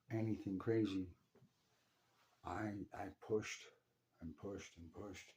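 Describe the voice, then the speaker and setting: Intense low-voiced man telling a raw story. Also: dark tone. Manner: intense, profane, halting with repeats. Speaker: son telling a personal story. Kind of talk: emotional first-person address.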